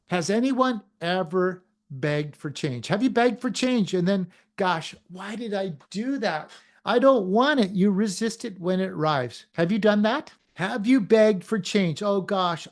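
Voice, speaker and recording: Energetic motivational podcast host, man. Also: a little high. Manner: energetic, asks the listener many questions. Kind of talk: motivational talk.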